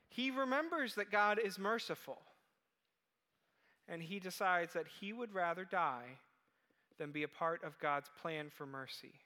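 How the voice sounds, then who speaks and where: Animated high-voiced preacher in a big hall. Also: male voice. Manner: animated storytelling, acting out quoted voices. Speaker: pastor. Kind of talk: sermon.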